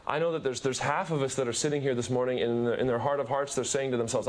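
A man's voice: fast talker, hardly any pauses. A man preaching a sermon, telling a story emphatically with many repetitions. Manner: emphatic storytelling, repetitive, lively shifts in pitch.

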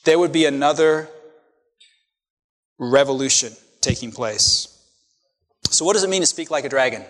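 A man's voice: mid-range voice, normal speed, a bit bright, long reverb tail. A male pastor preaching a sermon to his congregation, emphatic, with rhetorical questions and repeated phrases. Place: church sanctuary.

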